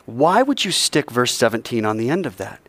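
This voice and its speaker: A man teaching a Bible class in a conversational way, asking rhetorical questions and dropping to hushed tones. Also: mid-range voice, very animated, normal speed, no room sound.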